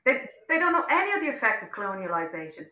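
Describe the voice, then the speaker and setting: An Irish woman speaks as an interview guest, passionate and blunt, tumbling over her own restarts. Her voice is bright and forceful. The room around her rings with a noticeable echo. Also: a little high, big pitch swings, quick pace. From Ireland. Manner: impassioned and outspoken, many restarts. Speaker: interview guest, actor-director. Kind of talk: casual interview chat.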